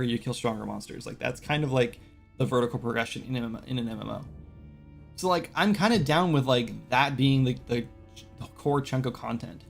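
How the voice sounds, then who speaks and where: A man's voice: mid-range voice, gravelly. A man hosting a casual game-development live stream, rambling with lots of "like" and "right?" fillers. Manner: quotes game characters in brief voices.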